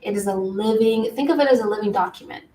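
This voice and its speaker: A woman's voice: medium pitch, fast talker, warm tone, echoey room, distant mic, a little hiss or hum, rough recording. A woman giving a live tarot reading from home, in a flowing spiritual way of talking. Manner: flowing spiritual talk, stops to scold her pets. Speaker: tarot reader. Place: home room.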